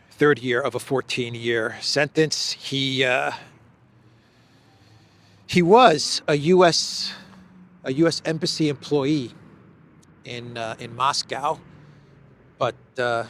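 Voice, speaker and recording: A man hosting a solo news commentary show, talking haltingly with many restarts and fillers, leaning hard on key phrases. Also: medium pitch, fairly bright tone. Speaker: political commentary host.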